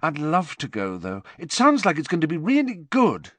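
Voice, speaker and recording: A man's voice: fairly high pitch, wildly swooping pitch, moderate pace, a bit bright, dry recording, voice pushed up, heavily acted. A man voicing a chatty, gossip-loving teenage girl. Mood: gossipy. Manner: chatty, wide-eyed.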